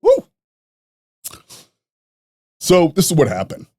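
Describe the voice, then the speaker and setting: A man, a podcast guest telling rough stories in a profane, animated way, laughing at his own jokes. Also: fairly high pitch, takes it slowly, no room sound, studio quality. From New York. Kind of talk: casual storytelling.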